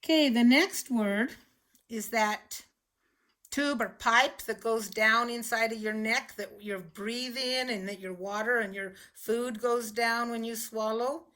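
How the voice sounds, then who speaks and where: Female phonics teacher, slightly high voice, unhurried and patient, enunciates every sound for kids. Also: a bit bright. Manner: slow, patient, clearly enunciating words. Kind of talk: children's phonics lesson.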